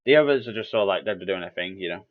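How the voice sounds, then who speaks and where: A man's voice: deep voice, expressive, fast, phone-quality sound. A man hosting a podcast, talking casually and rambling, with lots of restarts and acted-out quotes. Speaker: podcast host. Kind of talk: casual solo commentary.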